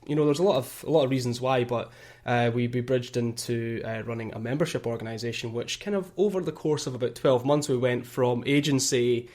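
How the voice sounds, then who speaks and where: A Scottish man speaking as a guest on a podcast, chatting in a relaxed way, with many fillers and the odd laugh. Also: mid-range voice, fairly quick. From Scotland. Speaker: guest, content marketing teacher. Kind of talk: casual podcast interview.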